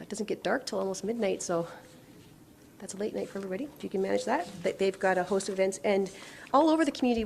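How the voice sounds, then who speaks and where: A woman's voice: mid-range voice, creaky, darkish tone, slight background noise. A woman councillor giving an upbeat, enthusiastic report at a council meeting.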